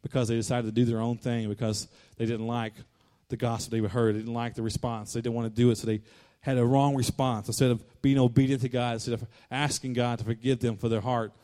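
Male pastor, mid-pitched, fervent sermon delivery that repeats lines and swells into loud declarations.

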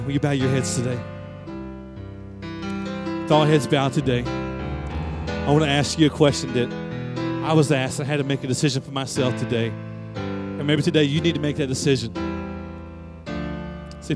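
A man's voice: mid-range voice, steady tone, moderate pace, pauses often. A male pastor giving an earnest sermon and altar call, pleading with listeners. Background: faint music.

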